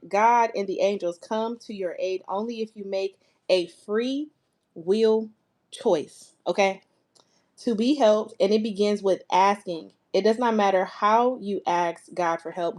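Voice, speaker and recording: A woman's voice: medium pitch, a little mellow. Chatty woman reading tarot cards. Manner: chatty, emphatic, talks straight to viewers. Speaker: tarot reader. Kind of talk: casual tarot reading livestream.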